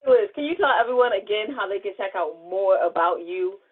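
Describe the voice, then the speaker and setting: A woman co-hosting a podcast, chatting in an animated, laughing way. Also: medium pitch, fairly quick, husky. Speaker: podcast co-host. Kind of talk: casual chat. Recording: tinny phone line.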